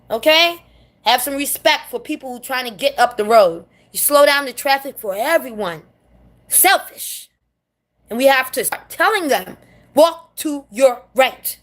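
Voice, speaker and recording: A woman's voice: high voice, fairly bright tone. A woman from New City, ranting bluntly and sassily to camera in a casual monologue, swearing freely. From New York City. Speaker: vlogger.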